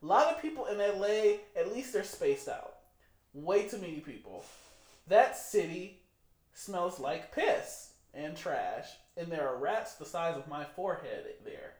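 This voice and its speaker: Animated, swearing podcast co-host. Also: medium pitch, measured pace, reverberant. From Michigan. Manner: profane, opinionated, animated. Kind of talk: casual chat.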